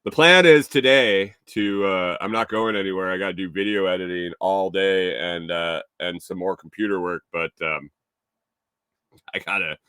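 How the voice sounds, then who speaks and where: A man's voice: deep voice, steady tone, moderate pace, bright, forceful tone, smooth, dry recording, studio quality. A man hosting a casual morning show, telling a story with frequent chuckles and cursing, and reading out viewer comments. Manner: chuckles through his story, swears freely, reads viewer comments. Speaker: show host.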